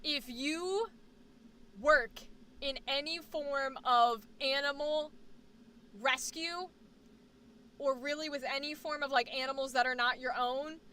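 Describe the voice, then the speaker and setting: A woman's voice: high voice, takes it slowly, long pauses. A woman streamer and actor chatting casually and rambling jokily to her viewers. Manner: animated, rambling, jokey. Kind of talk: casual live-stream chat.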